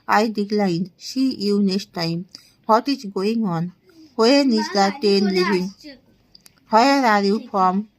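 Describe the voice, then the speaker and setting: An English tutor with a mid-range voice, a woman in her twenties from India, reads practice sentences one by one. Each short line comes slowly and deliberately, sometimes with a small laugh, and the audio is poor.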